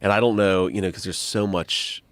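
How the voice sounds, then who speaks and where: A man's voice: sits low, steady tone, moderate pace, no echo. A man telling funny family stories as a podcast guest, laughing often. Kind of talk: casual storytelling.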